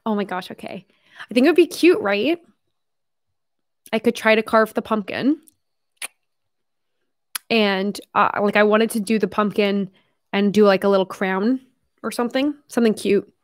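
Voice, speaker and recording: A woman's voice: mid-range voice, normal speed, pauses often, no echo, studio quality. Chatty young woman streaming, tiring voice. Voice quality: chatty, lots of "like", casual swearing. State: voice tiring from long talking. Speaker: live streamer. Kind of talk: casual live stream chat.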